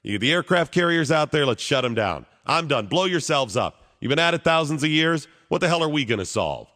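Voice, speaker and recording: A man's voice: on the high side, sing-song, brisk, sharp tone, long reverb tail. A man hosting a talk radio show, giving blunt, opinionated and exasperated commentary.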